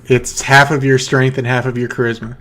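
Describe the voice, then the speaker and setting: A man acting as game master, narrating a tabletop game in a halting way, often repeating words. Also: mid-range voice, level tone, fairly bright tone, a little hiss or hum.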